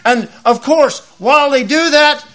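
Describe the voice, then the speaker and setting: A man, preaching a sermon in a folksy, animated storytelling way. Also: very high voice, measured pace. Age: 50s. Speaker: lay preacher.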